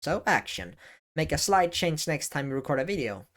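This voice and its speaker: A man's voice: on the high side, very animated, a bit bright. Guy vlogging tips to camera, stops and restarts a lot, leans on some words. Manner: halting, self-correcting, varies emphasis. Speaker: YouTube creator. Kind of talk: casual advice talk to camera. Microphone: camera facing speaker.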